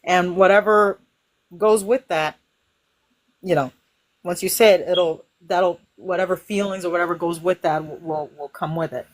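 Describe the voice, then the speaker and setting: A woman hosting a casual spiritual chat, talking in an animated way and acting out inner voices. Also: fairly low pitch, normal speed. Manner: animated, acts out inner voices with sighs and cries. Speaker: host.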